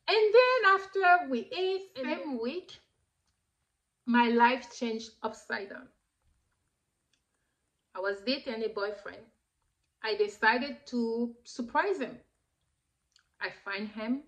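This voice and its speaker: A woman in her thirties whose first language is French, telling a personal story in a lively way, with many fillers and bursts of laughter. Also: on the high side, takes it slowly, pauses often. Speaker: vlogger. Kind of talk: casual storytelling.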